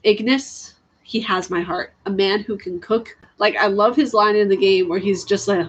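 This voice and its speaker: A woman's voice: mid-range voice, steady tone, normal speed, slightly rough, muffled recording. A woman chatting casually on a live stream about video games, laughing often and answering her chat. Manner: chatty, giggly, reads chat aloud.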